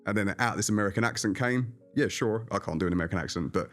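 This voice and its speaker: A low-voiced man from England tells stories from his career in a relaxed interview. He talks in an animated, anecdotal way. Faint music plays softly underneath. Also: very fast. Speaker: magician guest. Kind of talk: casual interview storytelling.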